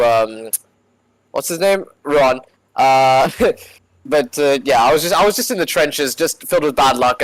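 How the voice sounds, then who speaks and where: A man, a racing driver, answering post-race interview questions casually, halting and wry. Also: mid-range voice, no room sound, rough recording.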